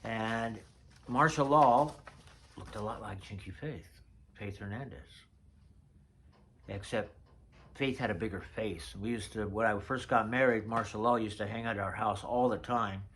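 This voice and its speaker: A man's voice: fairly low pitch, unhurried, pauses often, a bit bright. A man in his sixties telling rambling, chatty stories about old notes from his past. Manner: chatty storyteller, drifts off mid-thought. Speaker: vlogger. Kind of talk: casual reminiscing vlog.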